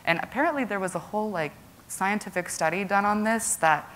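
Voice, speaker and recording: A woman's voice: mid-range voice, brisk, a bit bright, slight background noise. A young woman giving a casual conference presentation to a live audience, chatty and full of "like" and "um". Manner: chatty, lots of "like" and "um" fillers.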